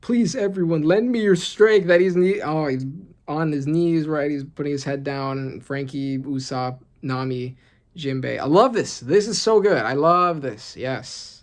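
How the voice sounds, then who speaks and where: Excited comic reaction host reading panels out loud, keeps going "right?", mid-pitched voice. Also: unhurried. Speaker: manga reaction channel host. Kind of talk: casual reaction commentary.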